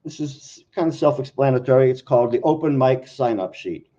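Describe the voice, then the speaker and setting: Man, poetry reading, wry, unhurried, mellow, muffled live recording. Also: medium pitch. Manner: wry, measured, slow delivery. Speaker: poet reading at an open mic.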